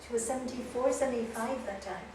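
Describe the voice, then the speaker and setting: Animated woman teacher in an echoey room. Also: on the high side, quick pace. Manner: animated storytelling with frequent laughter. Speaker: yoga teacher. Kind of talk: spiritual talk to students. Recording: echoey room, distant mic, faint noise.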